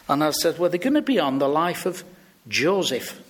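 A man's voice: a little high, a little fast. A British man preaching a sermon, telling stories and acting out the people he quotes. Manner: storytelling, lively, acts out quoted voices.

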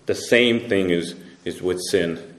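A low-voiced male pastor delivering a sermon, emphatic and full of repeated restarts. His voice climbs when he drives a point home and sinks low for solemn moments, all carried in the roomy echo of a church. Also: slow.

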